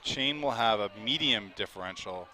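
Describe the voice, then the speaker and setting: A man doing live play-by-play commentary, chatty and quick to laugh, with an outdoor crowd behind him. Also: lowish voice, animated, sharp tone.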